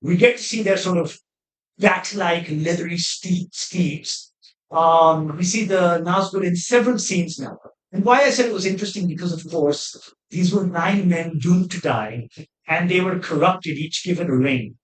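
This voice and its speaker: A man with a fairly high voice gives trailer-reaction commentary. He rambles with plenty of asides and sounds openly exasperated and opinionated. The recording rings with the echo of a bare room. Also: moderate pace. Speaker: film reviewer. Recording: echoey room.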